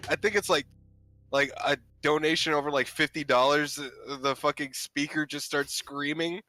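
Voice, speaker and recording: A man's voice: on the high side, fairly even intonation, normal speed, bright, forceful tone, no echo, soft background music. A man co-hosting a casual gaming chat, hyped up and full of slang and swearing. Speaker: podcast co-host.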